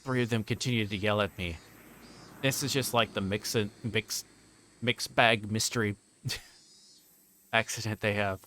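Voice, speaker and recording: A man's voice: lowish voice, moderate pace, fairly bright tone, slight background noise. Man reading a visual novel aloud. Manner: plain narration with occasional stumbles and restarts. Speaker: streamer.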